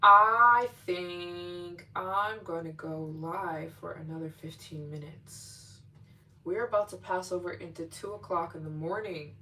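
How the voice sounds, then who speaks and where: A woman's voice: lowish voice, sharp tone. A woman hosting a late-night livestream in a casual, chatty way, gushing with emotional thanks to her viewers. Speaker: livestream host. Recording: distant mic with faint hum.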